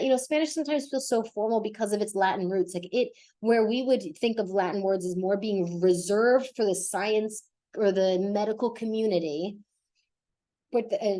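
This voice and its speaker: A young woman hosting a casual podcast lesson, chatty and lively, often laughing and correcting herself as she explains vocabulary. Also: medium pitch. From United States. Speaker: Spanish teacher and podcast host.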